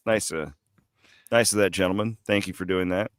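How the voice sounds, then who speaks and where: A man's voice: sits low, normal speed, no room sound, studio quality. A man co-hosting a sports podcast, chatting casually and animatedly, telling travel stories from an airport bar over a remote call. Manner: animated storyteller, laughs at his own stories. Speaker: podcast co-host.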